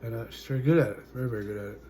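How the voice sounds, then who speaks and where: A man in his forties telling his own story as a vlogger, halting and full of fillers, his sentences often trailing off quietly. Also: mid-range voice, slight background noise. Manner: halting, full of "uh" and "you know", trailing off softly. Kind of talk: personal storytelling to camera.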